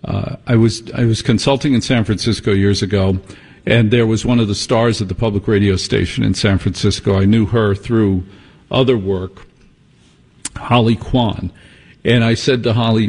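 A man hosting a talk radio show, teasing his guest with quick jokes and asides. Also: on the low side, fairly even intonation, a little mellow. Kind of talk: casual talk radio chat.

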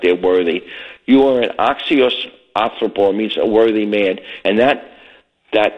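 Older man from Brooklyn, retired, low voice, earnest, halting restarts, muffled phone line. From Brooklyn, New York. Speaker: caller. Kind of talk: phone call to a radio show.

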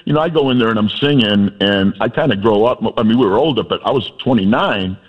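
A man's voice: lowish voice, fast talker. A man guest telling heartfelt, rambling stories in a casual radio interview, over a muffled broadcast sound. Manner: emotional, rambling, restarts a lot.

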